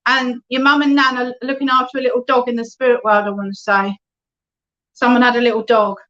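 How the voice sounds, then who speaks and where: Chatty medium with a lo-fi sound. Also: female voice, fairly high pitch, level tone, a little fast, fairly bright tone. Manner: chatty, reads out viewer comments, often adds "okay?". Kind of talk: online spiritualist reading. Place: at home, online service. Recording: dull lo-fi online stream audio.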